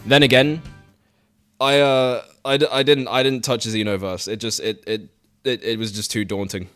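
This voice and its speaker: A man's voice: medium pitch, level tone, normal speed, a bit bright, smooth, faint music behind. A young man streaming a game, chatting casually, rambling, swearing and laughing often while he talks to his chat.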